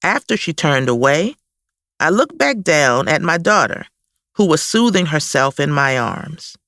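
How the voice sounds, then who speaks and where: A woman reading her own memoir aloud in a slow, reflective first-person style, close to the mic. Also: low voice, sing-song, a bit bright, dry recording. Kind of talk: audiobook memoir narration.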